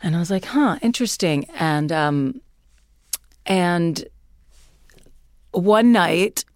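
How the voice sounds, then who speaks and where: A woman's voice: lowish voice, drawn-out words, smooth, no room sound, studio quality. A woman guest casually telling a personal story, chatty and full of "like" and "you know".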